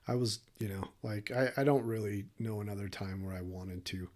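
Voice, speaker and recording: A podcast co-host with a lowish, somewhat dark-toned male voice tells a story at normal speed. He is candid, emotional and profane in this casual chat, laughing often.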